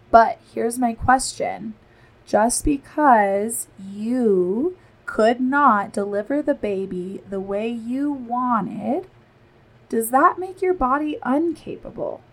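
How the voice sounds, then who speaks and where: A woman's voice: fairly high pitch, poor audio. A woman in her thirties hosting a podcast, talking earnestly and reassuringly straight to her listeners. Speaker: podcast host and postpartum body therapist. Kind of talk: solo podcast talk.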